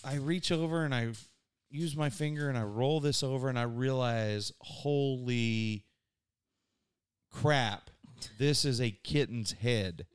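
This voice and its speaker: A man chatting casually, retelling a story with dramatic indignation. His voice is smooth and clear. The sound is dry and close. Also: mid-range voice, slow pace, no room sound.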